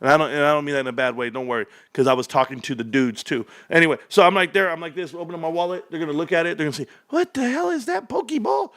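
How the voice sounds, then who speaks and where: A man in his thirties hosting a stock livestream, ranting excitedly and telling rambling stories. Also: very fast, hardly any pauses, smooth. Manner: hyped, rambling, loud swings, laughs often; lower storytelling mode.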